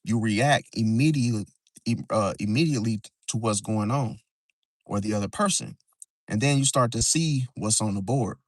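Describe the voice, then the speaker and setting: A man's voice: fairly low pitch, normal speed, no echo. A man hosting an astrology live stream, talking loosely and repeating "see?" and "bro", outdoors near parked cars, at times whispering. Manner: loose, repetitive, drops "see?" and "bro" often. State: sometimes whispering. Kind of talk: casual live-stream talk. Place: outdoors near a parking area.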